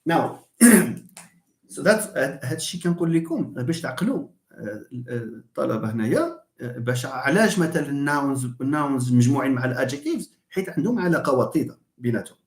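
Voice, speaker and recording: A man with a Moroccan accent, a native Moroccan Arabic speaker, teaching an animated live English lesson and acting out his examples. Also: mid-range voice, rapid-fire. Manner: animated, mixes English and Arabic, acts out stress examples with a laugh. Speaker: English lecturer. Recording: roomy echo.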